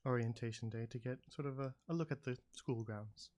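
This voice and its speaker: A man's voice: mid-range voice, steady tone, fairly quick, darkish tone, close to an everyday voice. A man voicing a small, enthusiastic gnome woman touring a college, polite and eager. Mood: earnest.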